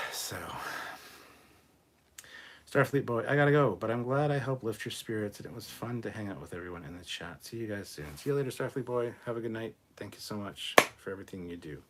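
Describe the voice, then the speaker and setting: Deep husky-voiced guy hosting a chill livestream, reading out chat comments and cursing casually. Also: brisk. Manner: relaxed, swears freely, reads viewer comments aloud.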